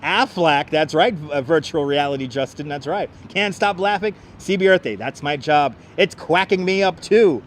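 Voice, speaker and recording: Chatting and laughing with his viewers, a man hosts a relaxed live-stream walking tour along a raised city park walkway. His fairly high, animated voice runs at normal speed with hardly any pauses and a slightly bright tone, captured on a wireless clip-on mic with slight background noise.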